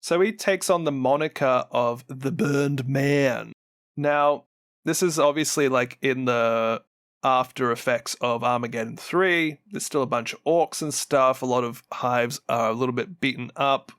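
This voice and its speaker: Unhurried man telling game lore. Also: medium pitch, clean tone, no room sound, studio quality. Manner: animated storyteller, laughs often. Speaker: podcast co-host. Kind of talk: casual lore chat.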